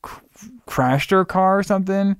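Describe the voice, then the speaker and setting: A man recapping a movie in casual chat, animated, laughing and swearing often. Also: high voice, moderate pace, gravelly, clear, resonant tone, no room sound, studio quality.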